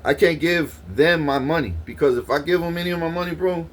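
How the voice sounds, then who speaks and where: A man in a rambling, profane monologue, swearing and issuing threats, his voice jumping up in pitch when heated. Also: brisk, slight background noise.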